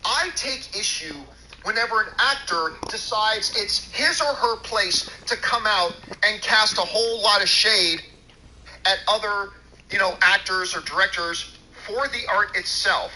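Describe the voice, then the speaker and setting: A man's voice: high voice, unhurried, sharp tone, slight background noise, poor audio. A man hosting a talk show, delivering an angry, profane and sarcastic rant, mocking as he goes. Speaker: show host. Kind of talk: angry ranting commentary.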